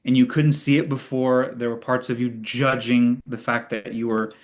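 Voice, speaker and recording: A man's voice: mid-range voice, level tone, moderate pace. A man hosting a spiritual Q&A, teaching in an earnest, conversational way and acting out inner thoughts. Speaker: host of spiritual Q&A.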